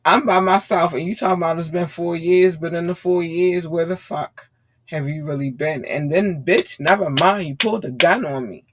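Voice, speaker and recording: A woman's voice: lowish voice, moderate pace. A woman hosting a podcast, ranting bluntly and swearing freely in heated commentary. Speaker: podcast host.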